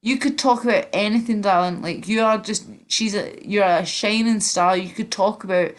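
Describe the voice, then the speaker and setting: A woman's voice: medium pitch, normal speed. A woman with a Glasgow accent hosting a casual stream, chatting in a rambling way and swearing a lot. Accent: Scottish, Glasgow. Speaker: streamer host.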